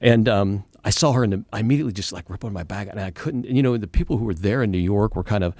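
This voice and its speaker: A man's voice: fairly low pitch, quick pace, darkish tone, no echo. A man who leads a Christian charity, talking earnestly in an interview and telling a personal story. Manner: earnest, storytelling, many restarts. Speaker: executive director of a Christian charity. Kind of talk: conversational interview.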